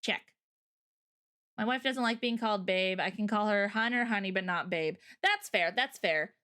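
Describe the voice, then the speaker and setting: A woman's voice: mid-range voice, normal speed, sharp tone. A woman hosting a livestream, chatting casually and rambling through stories and viewer comments, often breaking into laughter. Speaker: livestream host.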